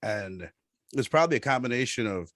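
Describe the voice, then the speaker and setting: A man's voice: medium pitch, lively intonation, fairly quick, fairly bright tone, no room sound, clean studio sound. A man chatting casually as a podcast guest, rambling and often restarting his sentences.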